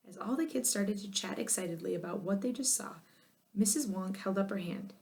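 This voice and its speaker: Expressive female narrator for a children's chapter book, lively delivery. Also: medium pitch, fairly quick, creaky. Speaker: audiobook narrator. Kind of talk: children's storybook reading.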